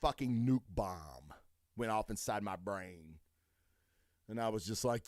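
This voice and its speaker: Profane, animated male podcast host. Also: medium pitch, measured pace, clear, resonant tone, no room sound, studio quality. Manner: profane, animated, retells scenes acting out his own lines. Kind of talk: casual storytelling rant.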